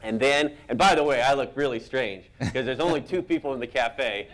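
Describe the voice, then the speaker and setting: A man being interviewed as a cartoonist, telling animated, self-deprecating stories and laughing at his own anecdotes. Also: mid-range voice, a little fast. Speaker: cartoonist guest.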